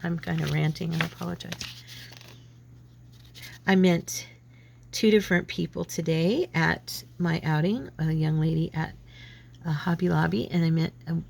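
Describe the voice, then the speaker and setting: A woman's voice: sits low, fairly even intonation, moderate pace, gravelly, pauses often, darkish tone. A woman with a lingering head cold, chatting casually and rambling as she works on a craft project. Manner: chatty, rambling, self-deprecating. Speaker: craft channel host.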